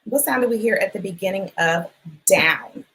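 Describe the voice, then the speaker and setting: A woman teacher giving a phonics lesson for young children, sounding out letters and words clearly and encouraging them. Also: medium pitch, moderate pace, sharp tone, slight background noise, poor audio. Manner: encouraging, asks questions and waits.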